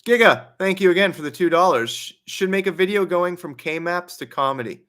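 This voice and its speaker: A man's voice: high voice, animated, fairly quick, sharp tone. A young man hosting a casual livestream Q&A, reading donations aloud and chatting with a laugh in his stories. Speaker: livestream host.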